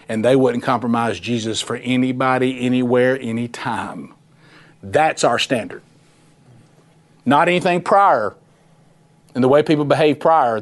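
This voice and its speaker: A man leads a Bible study and teaches in a relaxed, conversational way. He is folksy and animated, and he slips into quick impressions of the people in the scripture he reads. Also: medium pitch. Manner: folksy, animated, acts out voices of Bible figures.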